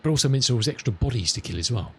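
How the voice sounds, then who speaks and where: A middle-aged man chatting casually with viewers as a live streamer, rambling and amused, reading radio calls slowly. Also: mid-range voice, lively intonation. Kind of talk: casual chat with viewers while flying.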